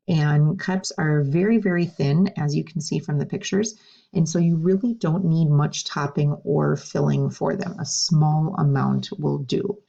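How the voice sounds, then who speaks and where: A woman's voice: sits low, creaky, warm tone, husky, highs cut off. A woman teaching a recorded French lesson, patiently explaining words and stressing correct pronunciation. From United States.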